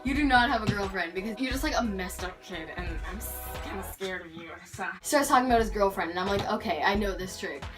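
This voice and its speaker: A teenage girl from Canada telling a story in a lively vlog, acting out what people said. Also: medium pitch, fast talker, hardly any pauses, recorded from a distance. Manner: animated storytelling, acting out quotes. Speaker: vlogger. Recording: voice off-mic with loud background music.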